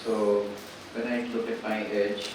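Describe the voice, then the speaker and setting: A man in the audience giving brief earnest, measured remarks. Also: on the low side, little pitch movement. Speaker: audience member. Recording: echoey hall, distant, background noise.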